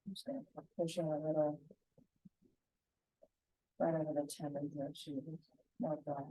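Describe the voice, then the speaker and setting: Woman walking you thru a painting step by step, mellow lowish voice, dry close sound. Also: a little slow, husky, dry recording, poor audio. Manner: calm, gentle, talks through each brushstroke. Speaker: painting instructor.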